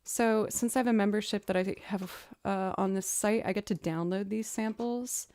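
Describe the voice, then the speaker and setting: A young woman musician chatting casually as she builds a music loop, thinking out loud and making fun of her own mistakes. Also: medium pitch, steady tone, normal speed, no echo, clean studio sound. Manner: chatty, thinks aloud, self-deprecating. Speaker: musician streamer. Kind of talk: casual chat while producing music. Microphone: studio mic.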